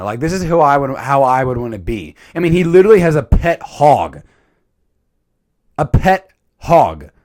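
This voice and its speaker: A man casually rambling through a cartoon movie review, animated, with filler words and mild swearing. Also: on the high side. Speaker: channel host.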